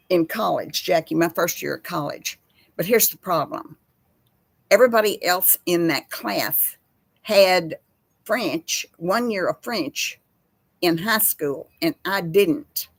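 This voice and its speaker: An older Texan woman chatting casually from her kitchen, drawing each word out slowly in a folksy, y'all-filled way. Her voice has a gravelly, fry-laden texture, recorded dry and close. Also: on the low side, no room sound. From Texas. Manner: slow folksy drawl, says y'all. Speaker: host. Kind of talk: casual chat with live chat viewers.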